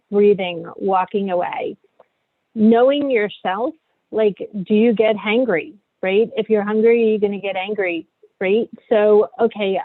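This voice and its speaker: A woman's voice: medium pitch, no room sound. A middle-aged woman coaching parents, candid and conversational, often checking in with "right?" at the end of a point. Her voice comes through a tinny, phone-like line. The sound is dry and close. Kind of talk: online parenting workshop.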